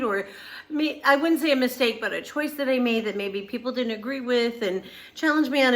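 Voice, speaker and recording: A woman's voice: on the high side, fairly bright tone. A middle-aged woman who hosts her own channel, telling a personal story in casual talk that rambles, with many restarts and fillers. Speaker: channel host.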